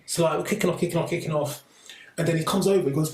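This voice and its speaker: A man telling a story in a casual podcast chat, animated and acting out the voices of the people he quotes. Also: a little high, very fast. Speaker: podcast co-host. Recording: echoey room, slightly distant mic, faint noise.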